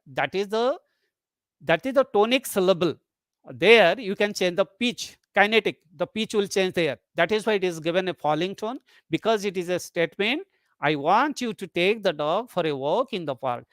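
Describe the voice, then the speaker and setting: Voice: medium pitch, a bit bright, no echo, clean studio sound. A lecturer teaching a webinar, explaining step by step, repeating key terms and reading example sentences aloud. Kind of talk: webinar lecture on English intonation. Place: online webinar.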